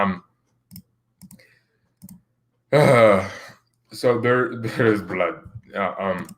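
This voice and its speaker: A man's voice: fairly low pitch, a bit bright. Rambling, laughing man chatting casually. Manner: rambling, laughing often, stammering restarts. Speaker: football channel host. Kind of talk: casual chat reading viewer comments.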